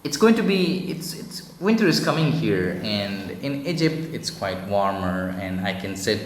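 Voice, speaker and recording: A man's voice: on the low side, very animated, unhurried, a little hiss or hum. A man with an Indian English accent voicing a small male swallow bird, reading its lines from a storybook and then paraphrasing them. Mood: pleading. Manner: reads the line, then paraphrases it loosely. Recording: echoey room with long reverb.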